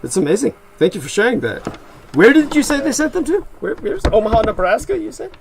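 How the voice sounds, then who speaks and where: Man, livestream co-host, casual chat, stop-start talk, slightly high pitch, faint hiss behind. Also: huge pitch swings, vocal fry. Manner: halting, many restarts and fillers, laughs often.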